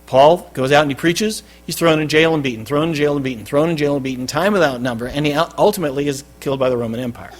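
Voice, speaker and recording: A man preaching a sermon as pastor, with loud stressed phrases that drop to quiet endings. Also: fairly high pitch, quick pace, hardly any pauses. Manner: emphatic, swinging between loud stresses and quiet drops. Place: church.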